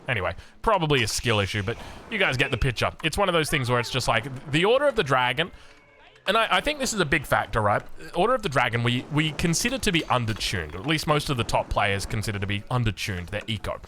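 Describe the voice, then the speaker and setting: A man with an Australian accent casting a strategy game in excitable, chatty commentary. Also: mid-range voice, fast talker, a little hiss or hum. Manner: excitable, animated, chatty, laughs often. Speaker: game caster.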